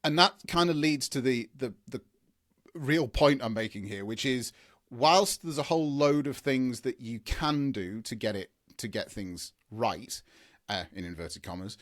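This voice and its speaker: Guy rambling through an explainer, lots of restarts and lists, middle pitch. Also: lively intonation, moderate pace. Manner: enthusiastic, rambling, frequent restarts and long lists. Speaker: SEO expert guest. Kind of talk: conversational explaining in an interview.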